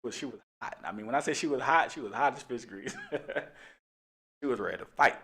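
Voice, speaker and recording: A man's voice: mid-range voice, fairly quick, fairly bright tone. A middle-aged man, a police officer hosting a talk show, telling a casual story in a laid-back way and laughing often.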